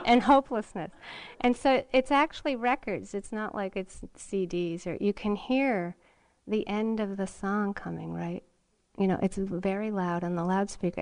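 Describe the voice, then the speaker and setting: Middle-aged woman, meditation teacher, unhurried reflective dharma talk with pauses and light laughs. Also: medium pitch. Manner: unhurried and reflective, with frequent ums and soft laughs. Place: meditation retreat hall.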